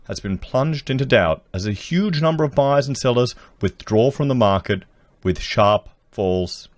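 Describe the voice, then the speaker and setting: A sarcastic man talks straight to his viewers, reading news aloud and then picking it apart. His voice sits on the low side. It is close on a desk mic, dry, with no room sound. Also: no room sound. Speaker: commentary channel host. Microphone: desk podcast mic.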